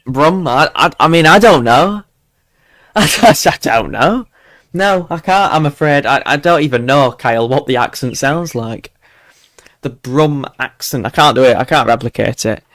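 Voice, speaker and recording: A man's voice: medium pitch, a bit bright, no echo. A man with a mild Yorkshire accent hosting a live weather forecast stream, rambling and chatty with lots of fillers and restarts. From Yorkshire, England. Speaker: weather channel host.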